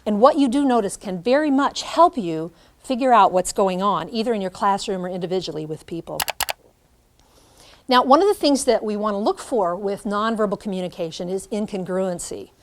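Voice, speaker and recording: Middle-aged woman, teacher educator, lively classroom lecture, acts out examples. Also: medium pitch, normal speed. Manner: animated, demonstrates by acting out lines.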